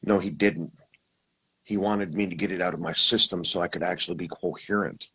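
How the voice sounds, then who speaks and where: A man recounts his experience in a husky, slightly low voice. He rambles, restarts his sentences and acts out what others said as he talks. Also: fairly even intonation, brisk, fairly bright tone, rough recording. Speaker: guest telling his experience. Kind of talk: casual storytelling.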